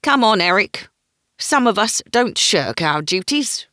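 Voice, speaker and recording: A woman's voice: mid-range voice, sing-song, a little slow, sharp tone, no echo, studio quality, voice pushed up. A woman voicing a mocking male guard sergeant. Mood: scornful. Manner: mocking, snorting.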